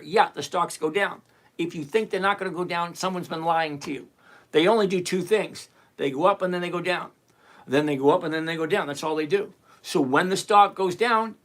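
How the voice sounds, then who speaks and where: A middle-aged man hosting a trading livestream, brash and teasing as he reads out chat questions. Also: high voice. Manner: brash, animated and teasing, reading chat names aloud. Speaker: livestream host answering chat questions on covered-call trading. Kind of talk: live-stream chat.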